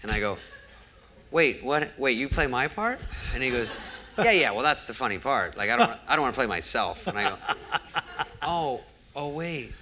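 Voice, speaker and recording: A man's voice: medium pitch, big pitch swings, moderate pace, sharp tone, a little hiss or hum. A man telling a show-business anecdote before a live audience and acting out every quoted line of dialogue. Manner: storytelling that acts out each quoted exchange. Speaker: guest comedian. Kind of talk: onstage interview storytelling.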